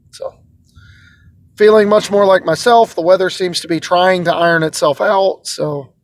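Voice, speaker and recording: A man's voice: high-pitched, no echo. A man hosting his channel, chatting casually and rambling a little, with a self-deprecating streak, recorded inside a car. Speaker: host. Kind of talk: casual vlog chat.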